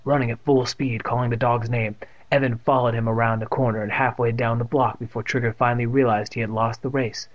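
A man's voice: medium pitch, little pitch movement, a little fast, muffled recording. A man reading a children's book aloud, slipping snarky asides into the text. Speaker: reader.

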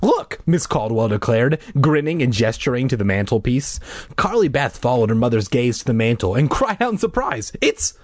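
A man reading a story aloud in a lively way, breaking off for irreverent, swearing jokes. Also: medium pitch, brisk, no room sound, studio quality. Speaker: reader. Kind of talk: comedic book reading with asides.

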